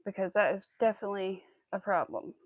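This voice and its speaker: A woman hosting a casual crochet livestream, chatting to her viewers as she works and cooing at her cat in a high baby voice. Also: fast, no room sound, phone-quality sound. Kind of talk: casual chat while crocheting.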